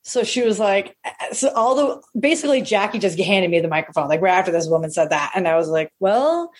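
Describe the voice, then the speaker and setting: A woman comedian telling a long profane anecdote, animated and acting out the people she quotes. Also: lowish voice, quick pace, slightly rough. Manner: animated, acts out quoted voices, swears freely. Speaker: stand-up comedian.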